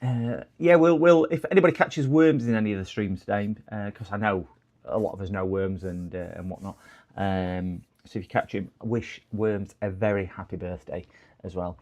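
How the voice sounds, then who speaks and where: A man's voice: lowish voice, normal speed, darkish tone. A man chatting casually on a live stream while repairing electronics. He rambles, chuckles often and talks to his chat.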